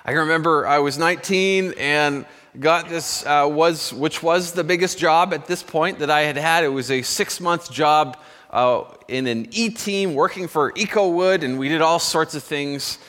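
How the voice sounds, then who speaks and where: In a large hall, a pastor with a fairly high, fairly bright voice preaches a sermon at a church service. His pace is measured, and he tells stories conversationally, correcting himself along the way.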